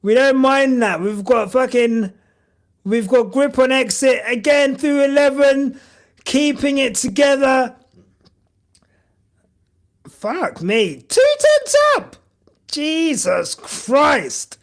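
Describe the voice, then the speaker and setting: A man hosting a podcast, giving excitable, shouty live reaction commentary and swearing a lot. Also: very high voice, slow, pauses often. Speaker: podcast host.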